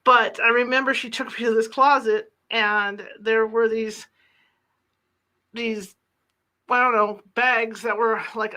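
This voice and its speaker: Bright, crisp-toned host telling a chatty reporter's anecdote and voicing the quoted lines. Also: mid-range voice. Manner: chatty, retells dialogue in quotes. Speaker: podcast host and former reporter. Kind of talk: casual anecdotal storytelling. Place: lives in the Sacramento area.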